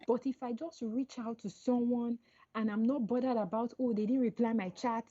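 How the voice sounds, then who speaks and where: Animated woman telling stories, husky. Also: fairly high pitch, moderate pace, dull audio. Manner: animated storytelling, acts out quoted dialogue. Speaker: podcast guest, coach. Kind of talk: casual interview chat.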